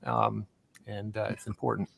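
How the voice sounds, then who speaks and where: Gravelly man, matter-of-fact. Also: on the low side, flat delivery, normal speed, fairly bright tone. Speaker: copywriter.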